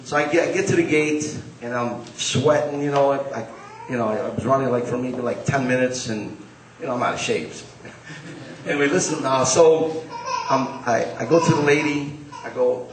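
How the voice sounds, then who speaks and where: A man's voice: mid-range voice, normal speed, background noise. A man telling a rambling personal story at a live story slam, correcting himself as he goes. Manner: rambling, conversational, self-correcting. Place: gym hall at a live event. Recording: roomy hall recording from a distance.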